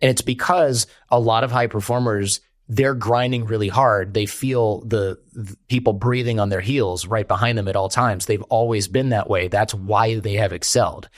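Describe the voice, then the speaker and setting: A man, a podcast guest telling stories in an animated way and quoting people in character. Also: fairly low pitch, moderate pace, hardly any pauses, no room sound, studio quality. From United States. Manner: animated storyteller, quotes others in character. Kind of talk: conversational interview.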